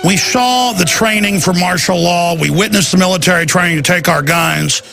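A man hosting a talk radio show, ranting in an intense, rapid-fire, urgent way. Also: high-pitched, gravelly, bright, forceful tone, faint music behind.

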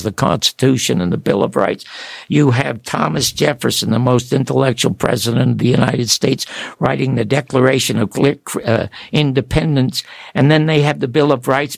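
An older man tells his stories in an animated, rambling way. His voice has a gravelly edge, and the sound is dry and close, with no room around it. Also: mid-range voice, moderate pace, no room sound. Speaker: guest author. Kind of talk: storytelling interview.

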